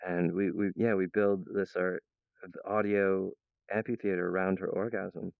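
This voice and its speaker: A man's voice: low-pitched, flat delivery, moderate pace, gravelly, clear, resonant tone, dry recording. A young man talking in a meandering monologue, laughing often and breaking off mid-sentence. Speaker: channel host. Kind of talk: rambling monologue. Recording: dull, lo-fi, dry sound.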